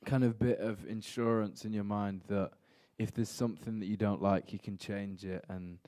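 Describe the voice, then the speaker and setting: A young man answering questions at a press conference, thoughtful and measured, his sentences trailing off softly. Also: on the low side, fairly even intonation.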